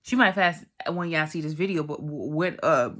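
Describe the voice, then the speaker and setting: Heartfelt low-voiced woman telling her story. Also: moderate pace, fairly bright tone. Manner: emotional, heartfelt storytelling, drops to a whisper at times; chatty, addresses viewers directly. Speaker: vlogger. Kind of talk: personal faith testimony vlog.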